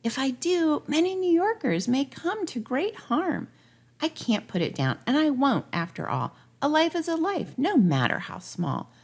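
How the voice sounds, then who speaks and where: A woman's voice: sits high, sing-song, unhurried, creaky, darkish tone, pitched above the performer's own voice, exaggerated voice. A woman voicing an anxious, earnest male governor in a rhyming storybook parody, pleading in a raised voice.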